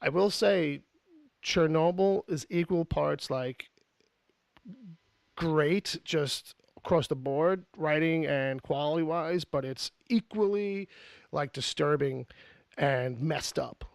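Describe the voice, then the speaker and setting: Male podcast host, gravelly, a touch high, loose rambling chat, dry close mic. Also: takes it slowly, no room sound. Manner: rambling, joking, with frequent fillers and restarts.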